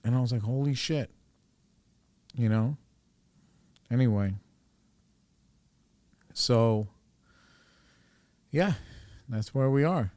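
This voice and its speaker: A man's voice: medium pitch, slow pace, long pauses, darkish tone, dry recording. A man hosting a podcast, telling a personal story in a casual, rambling way, full of fillers and swearing. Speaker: podcast host.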